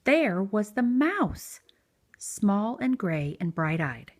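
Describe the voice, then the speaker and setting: A woman reading a picture book aloud to young children, gentle and expressive. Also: medium pitch, slow. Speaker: children's story reader. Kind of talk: read-aloud storytelling for preschoolers.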